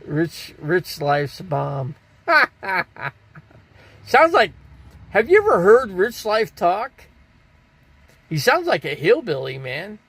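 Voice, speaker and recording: A man's voice: fairly high pitch, a bit bright, breathy edge. An older man from Arizona hosting a live stream, rambling casually and answering viewers' chat comments aloud. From Scottsdale, Arizona.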